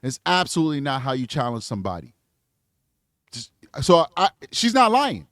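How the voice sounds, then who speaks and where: Man, blunt reaction commentary, high-pitched, dry close sound. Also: huge pitch swings, normal speed, fairly bright tone, no room sound. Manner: blunt, emphatic, talks back to the clip. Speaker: true crime commentator.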